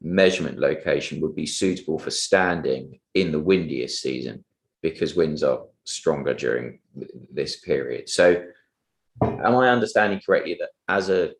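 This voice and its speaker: Very deep gravelly man questioning. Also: reverberant. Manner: halting, many restarts and fillers, polite. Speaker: barrister cross-examining. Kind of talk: public inquiry cross-examination. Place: public inquiry hearing room.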